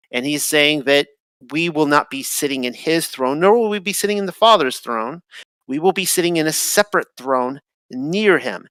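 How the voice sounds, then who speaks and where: A man's voice: a little high, fairly bright tone, smooth, dry recording. A man hosting a group discussion, musing on scripture in a rambling, casual way with many fillers and restarts. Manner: rambling, self-interrupting with fillers.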